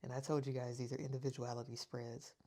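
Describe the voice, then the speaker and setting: Low-voiced woman giving a tarot reading. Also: little pitch movement, quick pace, mellow. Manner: earnest, emotional, repeats reassurances; reads card descriptions aloud. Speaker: tarot reader. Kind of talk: tarot reading addressed to viewers.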